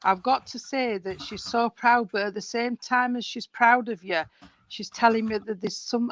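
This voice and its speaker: Over a video call for an online service, a spiritualist medium gives a live reading, chatty and rambling, calling people sweetheart and darling. Her voice is a little high and steady, at normal speed, in a low-quality recording.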